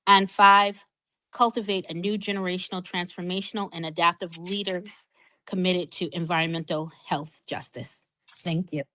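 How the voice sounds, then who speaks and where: A woman speaking as a panel discussant in a video call, reading prepared academic remarks in a formal, measured way and working through a list of points. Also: on the low side, fairly even intonation, pushed and bright, no room sound, low-quality recording.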